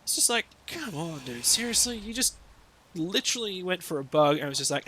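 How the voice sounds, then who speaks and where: Bright-voiced Australian man streaming a game. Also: high-pitched, big pitch swings, a little fast. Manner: rambling, sweary, sarcastic asides. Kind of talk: casual gameplay commentary.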